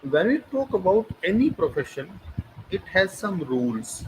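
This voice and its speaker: A teacher with an Indian English accent gives an online lecture, emphatically posing rhetorical questions and repeating key phrases. His voice sits high, sing-song and darkish in tone, a little slow, and the recording is noisy with clicks.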